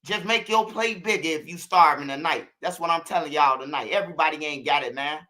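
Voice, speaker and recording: A man's voice: a little high, fairly quick, bright, forceful tone. A man from Chicago with a Chicago accent, hosting his channel, talking straight to viewers in a slangy, repetitive, preachy monologue. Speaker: channel host.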